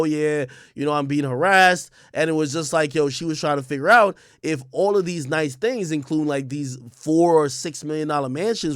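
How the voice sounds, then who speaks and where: A man's voice: fairly high pitch, no echo, studio quality. Blunt, profane man streaming. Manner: blunt, profane, emphatic, repeats himself. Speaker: livestream host. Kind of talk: casual commentary stream.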